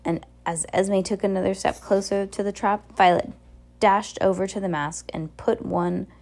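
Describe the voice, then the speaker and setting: Woman audiobook narrator, dark mellow tone, steady read. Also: mid-range voice, normal speed. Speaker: audiobook reader.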